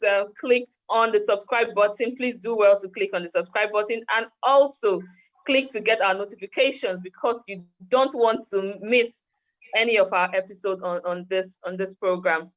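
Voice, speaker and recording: A woman's voice: mid-range voice, fairly bright tone. A woman host, thanking her guest and closing the show in a polite, formal way. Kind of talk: formal sign-off. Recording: dull lo-fi sound.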